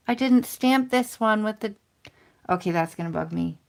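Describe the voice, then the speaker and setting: A woman's voice: mid-range voice, moderate pace, gravelly. A woman in her thirties hosting a casual crafting livestream, chatting to viewers in a self-deprecating, rambling way. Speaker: crafting channel host. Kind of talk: casual livestream chat while stamping and coloring.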